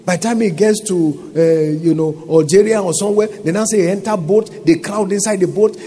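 A man's voice: high-pitched, brisk, dark tone, breathy edge. A Nigerian man preaching a sermon as pastor, emphatic and calling out to his congregation for responses.

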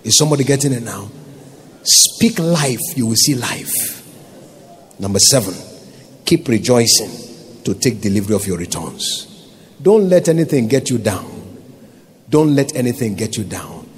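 A man's voice: medium pitch, sing-song, moderate pace, pauses often, slight background noise. A man preaching a sermon as pastor, emphatic, with many rhetorical questions.

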